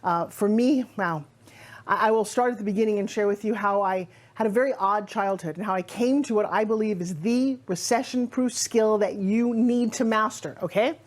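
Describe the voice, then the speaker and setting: A middle-aged woman from Long Island with a New York accent gives an energetic motivational talk. Her delivery is emphatic and conversational, as if talking straight to the listener. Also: mid-range voice, moderate pace. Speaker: motivational speaker.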